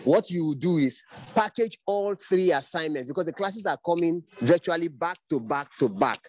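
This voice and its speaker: A man's voice: fairly high pitch, lively intonation, normal speed, a little mellow. A middle-aged man, lecturing his trainees on an online class call in an earnest, fatherly way. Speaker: training instructor. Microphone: video call.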